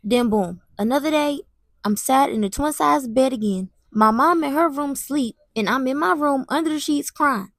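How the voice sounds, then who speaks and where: A young woman vlogger telling a personal story in an animated way, often stuttering and restarting. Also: high-pitched, moderate pace, no echo, studio quality. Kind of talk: storytime vlog.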